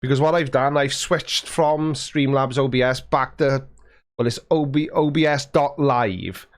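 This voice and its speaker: Here a male livestream host fiddles with his settings while casually reading and joking about viewer messages. His medium-pitched voice moves a little slowly, captured at studio quality with no room sound on a studio mic with a foam windscreen.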